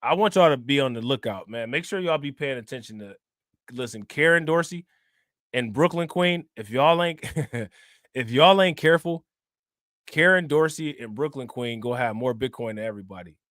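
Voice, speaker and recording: A man's voice: mid-range voice, expressive, moderate pace, a bit bright, dry recording, clean studio sound. A man hosting a crypto livestream in casual chat, joking, laughing and slangy. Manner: joking, laughing, slangy, repeats "you know what I'm saying".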